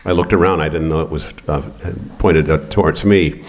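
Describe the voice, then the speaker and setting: Older man, very low voice, rambling, profane, lots of fillers, poetry reading storytelling, art gallery. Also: steady tone, moderate pace. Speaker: poet.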